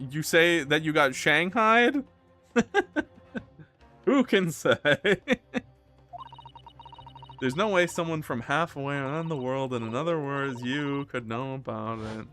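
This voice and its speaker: A young man casually chatting on a live stream while playing a game, animated and quick to laugh. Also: mid-range voice. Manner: animated, laughs often, breaks into loud outbursts. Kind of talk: casual live-stream chat, reading game lines aloud.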